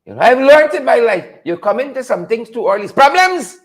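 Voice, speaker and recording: Animated high-voiced man hosting. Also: a little fast. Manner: animated, talks to viewers by name, repeats catchphrases. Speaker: host of a live political show. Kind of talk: casual live-stream commentary.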